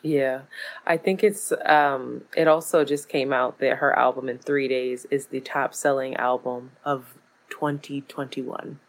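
A woman co-hosting a podcast from home in casual chat, blunt and profane, acting out quotes in animated voices. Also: a bass voice, a little slow. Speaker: podcast co-host. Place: at home, late at night.

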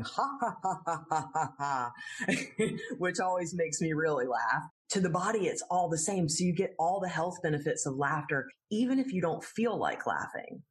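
Earnest woman yoga teacher explaining. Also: low-pitched. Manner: earnest, explains patiently, laughs easily. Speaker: laughter yoga teacher, interview guest. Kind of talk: explaining in an interview.

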